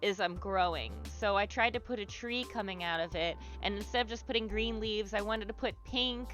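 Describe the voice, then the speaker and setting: Young woman hosting a livestream while she draws. Her voice is bright and clear, with faint music under it. She talks in a loose, rambling way, full of fillers and restarts, and cheers her viewers on. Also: medium pitch, normal speed. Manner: chatty and rambling, many fillers and restarts, swears casually; warm and encouraging to viewers. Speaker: livestream host leading an art therapy exercise. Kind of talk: casual livestream chat while drawing.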